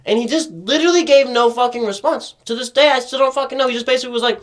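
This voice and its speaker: A man's voice: very high voice, very fast, hardly any pauses, fairly bright tone. A young man co-hosting a podcast, telling a rambling, profane story, acting out quotes and laughing often. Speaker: podcast co-host. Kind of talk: casual storytelling chat.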